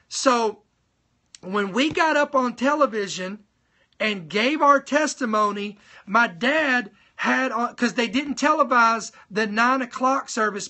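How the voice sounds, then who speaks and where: Preaching in a live-streamed sermon, a man with a very high voice animatedly tells his testimony. He talks straight to his viewers and repeats points for emphasis.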